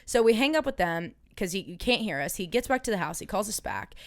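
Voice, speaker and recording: A woman's voice: mid-range voice, very animated, fast talker, dry recording, clean studio sound. A woman co-hosting a podcast, chatting casually and telling a story full of swearing and acted-out quotes. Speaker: podcast co-host. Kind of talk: casual chat.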